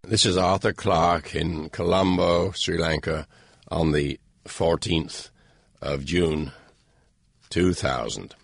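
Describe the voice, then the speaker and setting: An older man with a gravelly, husky voice reads his own foreword with dry, wry humor. He sits low in pitch and takes his time, and the recording is close and dead, with no room sound at all. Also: takes it slowly, no echo. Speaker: author reading his own introduction. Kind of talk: read-aloud personal foreword.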